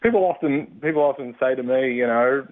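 A self-mocking man, a comedian talking casually about his work in an interview. His voice comes through a thin, tinny phone line. He sits at an ordinary middle pitch and laughs often. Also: a little fast. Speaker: stand-up comedian, guest.

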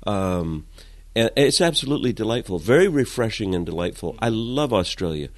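A man, a guest in an interview, telling comic stories in an animated way, going from loud to hushed. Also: lowish voice, moderate pace, dry recording. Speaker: guest, comedic storyteller. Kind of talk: casual interview chat.

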